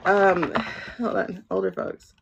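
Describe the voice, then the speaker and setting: Gravelly-voiced woman chatting on a livestream. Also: mid-range voice, little pitch movement, slow pace, highs cut off, noisy background. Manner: chatty, talks straight to viewers. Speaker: livestream host, tarot reader. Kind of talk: casual livestream chat.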